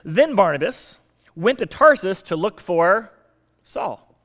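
A man delivering a sermon in a conversational teaching manner, with humorous asides and emphatic shifts in loudness. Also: high-pitched, lively intonation, takes it slowly. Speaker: pastor.

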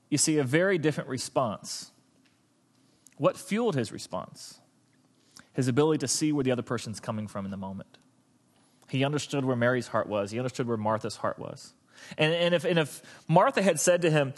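A middle-aged man preaching a sermon as pastor, telling stories in an animated way and acting out the quoted lines. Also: a little high, moderate pace, pauses often.

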